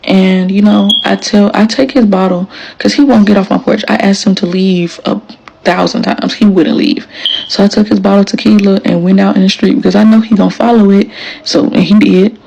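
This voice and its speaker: A woman's voice: mid-range voice, steady tone, brisk, gravelly, dark tone, highs cut off, slight background noise. A woman, telling the story of her marriage in casual, emphatic storytelling to camera, acting out quoted lines.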